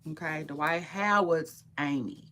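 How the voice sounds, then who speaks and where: A woman's voice: deep voice, slow pace, sharp tone. A young adult woman chatting casually to viewers in AAVE, opinionated and rambling, often repeating words and trailing off mid-thought. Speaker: gossip and entertainment commentator.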